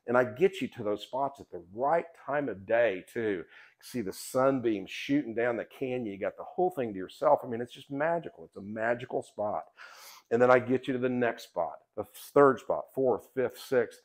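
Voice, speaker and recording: A man's voice: medium pitch, moderate pace. A middle-aged man, a podcast host and guidebook author, talking casually like a folksy storyteller who swears now and then. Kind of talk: casual promotional talk.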